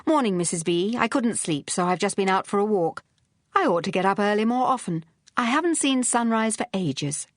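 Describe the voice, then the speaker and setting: A woman voicing a brisk, witty young society woman detective with a crisp, commanding manner in an audiobook. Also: mid-range voice, expressive, dry recording, studio quality, voice pushed up, lightly acted. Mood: breezy.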